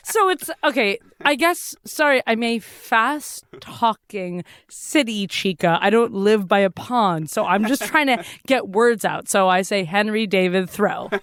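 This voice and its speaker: A woman's voice: medium pitch, clean tone, no room sound. A woman co-hosting a comedy podcast, trading raunchy, brash insults and laughing often. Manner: brash, crude, laughs often, mock Boston tough talk. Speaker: podcast co-host.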